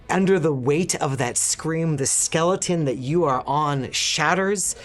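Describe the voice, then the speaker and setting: A man running a tabletop role-playing game as game master, giving descriptive, unhurried narration with quick asides. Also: a little high.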